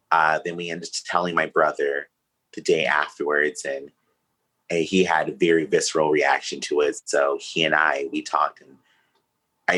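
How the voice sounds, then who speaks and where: Podcast guest, male, low pitch, forceful tone, candid and emotional storytelling. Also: low-quality recording. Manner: emotional, earnest, open.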